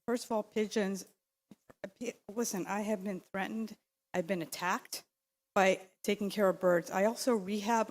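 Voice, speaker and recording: A woman giving a rambling, insistent public comment at a city council meeting, speaking into a podium microphone. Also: medium pitch. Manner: insistent, rambling, with many fillers and restarts.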